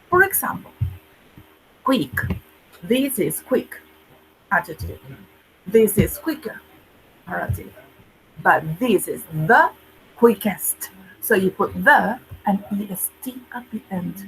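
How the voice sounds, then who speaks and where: A woman teaching an English grammar lesson, explaining slowly and patiently with many examples. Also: mid-range voice, slight background noise, rough recording. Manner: slow, patient, spells out endings with examples.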